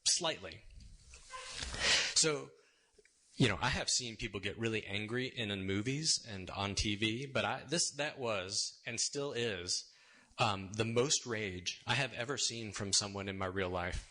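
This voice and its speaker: A man's voice: on the low side, a little slow, pushed and bright. A man giving a conversational, storytelling sermon in a church, casual and wry, often checking in with his listeners. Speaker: sermon speaker. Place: church sanctuary.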